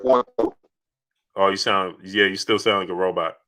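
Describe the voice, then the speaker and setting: A man's voice: low voice, slow, pushed and bright. A man hosting a casual boxing livestream, reading out super chats and making his points emphatically, often restarting his phrases.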